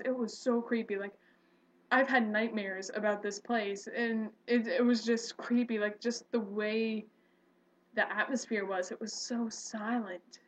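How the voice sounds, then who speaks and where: A young woman telling a personal story casually, rambling with fillers and self-corrections. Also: a little high. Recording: dull lo-fi recording.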